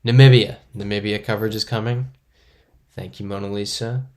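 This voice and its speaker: A man's voice: fairly low pitch, steady tone, fairly quick, a little mellow. A man streaming a geography guessing game live, thinking aloud, chatting with viewers and poking fun at himself. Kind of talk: casual live-stream commentary, reading chat.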